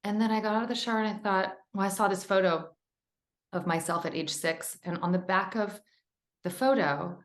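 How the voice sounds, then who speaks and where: A woman's voice: mid-range voice, a little fast, roomy sound. A woman author as a podcast guest, telling a personal story in an earnest, emotional, rambling way.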